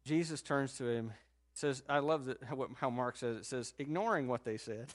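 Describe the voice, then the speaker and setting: A man preaching a sermon in a conversational, animated storytelling manner, rising sharply in pitch and loudness at times and dropping to a soft low voice for quoted words. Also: moderate pace. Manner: drops to a soft, low voice when quoting Jesus. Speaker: pastor.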